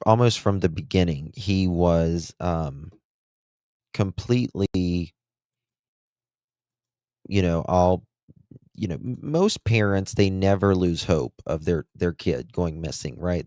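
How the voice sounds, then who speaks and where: A man hosting a casual livestream, rambling slowly and thinking aloud. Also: sits low, darkish tone, no room sound. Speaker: livestream host.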